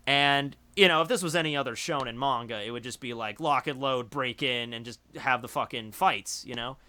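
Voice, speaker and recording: A man's voice: medium pitch, normal speed, pushed and bright. A young man hosting a livestream, chatting casually and rambling with lots of filler words. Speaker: streamer host.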